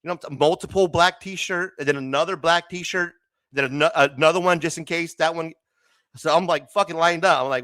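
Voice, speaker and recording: A man's voice: fairly high pitch, a little fast, bright, forceful tone, dry recording. A man from Arizona in his thirties hosting a comics livestream, rambling casually, swearing constantly and laughing often. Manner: loose, rambling, chummy. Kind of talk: casual profane livestream chat.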